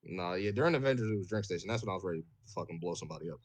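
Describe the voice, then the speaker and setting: A man on a podcast telling a story in casual chat, profane and animated, full of fillers and "bro". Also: low-pitched, rapid-fire, dry recording.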